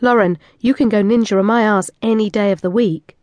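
A woman's voice: mid-range voice, fairly even intonation, a little fast, darkish tone, dry recording, natural voice. A woman voicing a teasing male lover. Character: playful adult male lover.

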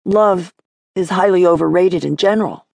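A woman's voice: fairly low pitch, expressive, normal speed, vocal fry, darkish tone, no room sound. A woman voicing a cocky, sneering boy. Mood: sardonic. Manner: theatrical, sneering. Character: cocky twelve-year-old boy, mock prosecutor, sardonic.

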